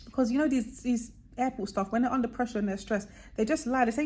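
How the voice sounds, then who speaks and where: A young woman vlogging, casually telling a travel story and acting out the voices of people she quotes with big jumps in pitch. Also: fast, hardly any pauses, a little mellow.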